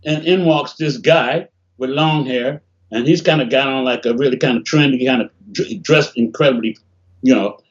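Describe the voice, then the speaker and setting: An older man from Detroit telling animated stories in a casual interview over a video call, often acting out what people said. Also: a little high. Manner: animated, laughing storyteller, acts out quotes. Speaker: interview guest, bassist. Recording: dull lo-fi call audio.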